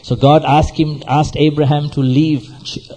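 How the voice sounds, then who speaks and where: A man preaches with a husky, slightly breathy voice and a dark, mellow tone. He exhorts his listeners in a sermon, repeating phrases and firing questions at them. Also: fairly high pitch, little pitch movement, measured pace, rough recording. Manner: exhorting, repetitive, asks the audience questions. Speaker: pastor.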